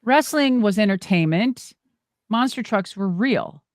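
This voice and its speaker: A middle-aged woman, a former wrestler and monster truck driver, telling stories in an animated, exclamatory way as an interview guest. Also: medium pitch, a little slow, no echo, clean studio sound. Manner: animated, exclamatory, acts out quoted dialogue. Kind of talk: casual storytelling interview.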